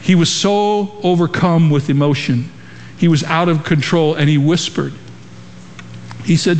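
A man's voice: a little high, normal speed, darkish tone, slight background noise. A man preaching a sermon to a congregation in a large church, using emphatic rhetorical questions. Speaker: pastor. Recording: long reverb of a large hall.

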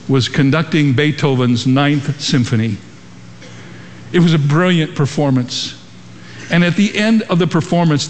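A man's voice: fairly high pitch, a little hiss or hum. A man preaching a sermon to a congregation in a large church, using emphatic rhetorical questions. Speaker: pastor. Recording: long reverb of a large hall.

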